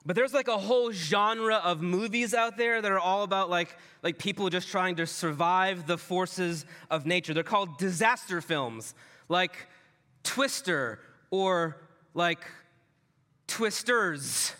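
A man preaching a sermon in a loose, conversational way, often dropping his voice low and soft for emphasis. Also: slow, big-room sound. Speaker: pastor.

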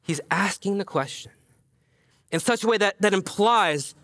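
A man preaching with a high, bright voice that carries. He talks casually and conversationally. He moves between raised, animated emphasis and quiet, near-whispered passages. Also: normal speed. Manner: casual, conversational phrasing with many fillers. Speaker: pastor. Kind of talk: sermon.

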